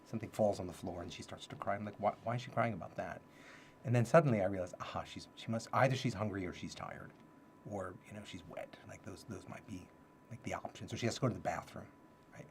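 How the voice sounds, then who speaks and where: A man with a deep voice talks fast while hosting a casual livestream about self-development ideas. He thinks aloud and repeats his key phrases, with a little hiss or hum in the audio.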